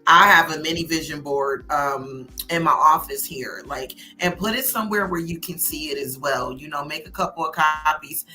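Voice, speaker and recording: A woman's voice: deep voice, normal speed, hardly any pauses, pushed and bright, soft background music. A woman hosting an interview, giving preachy motivational advice about faith and marriage. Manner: preachy, motivational, speaks of God and manifesting. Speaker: host. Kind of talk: casual talk show, encouraging.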